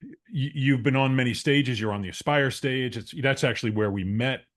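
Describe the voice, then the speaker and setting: A male interview host speaks at a mid pitch in a casual, conversational way. He often stalls and repeats words while working out what to say. He responds warmly to the story he just heard. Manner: halting, repeats words while gathering thoughts. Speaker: podcast host.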